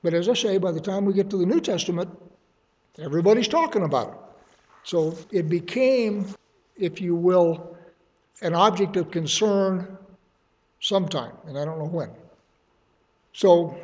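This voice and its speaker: Guy teaching a bible study, kinda high voice, chatty asides, muffled lo-fi sound. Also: lively intonation, normal speed, long pauses, a little mellow. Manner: conversational, thinking aloud with asides.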